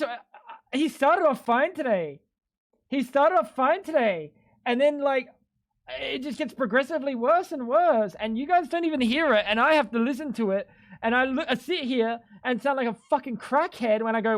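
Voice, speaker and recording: A man livestreaming a game, talking to his chat in an excitable, rambling way and swearing often. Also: very high-pitched, moderate pace. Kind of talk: casual gaming stream chatter.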